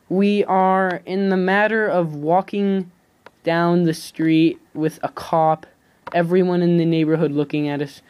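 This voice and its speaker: A man's voice: a little high, darkish tone, clear, resonant tone. A teenage boy casually telling a story on his vlog, rambling, stopping and correcting himself as he goes. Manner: rambling, halting, self-correcting. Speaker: YouTube vlogger.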